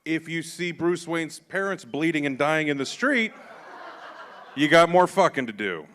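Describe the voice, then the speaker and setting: A man's voice: a little high, expressive, unhurried, a bit bright, a little hiss or hum. A man hosting a comedy show, telling profane stand-up stories and acting out the dialogue on a club stage. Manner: profane storytelling, acts out dialogue. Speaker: comedy show host and comic.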